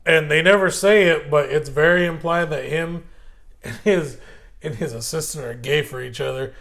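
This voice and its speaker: A man with a Californian accent co-hosting a podcast in casual chat, animated and swearing as he retells movie scenes. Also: a little high, normal speed, gravelly. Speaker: podcast co-host.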